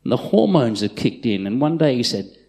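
Gravelly preacher, loud to hushed. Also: male voice, mid-range voice, brisk. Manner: animated preaching that swings from loud calls to hushed asides. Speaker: pastor. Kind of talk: live sermon with storytelling. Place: church auditorium with congregation.

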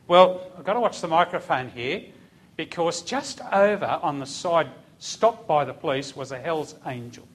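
Lively Australian man telling a testimony. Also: a little high, normal speed. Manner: lively, animated storyteller acting out voices. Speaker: police officer giving testimony. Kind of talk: storytelling testimony in church.

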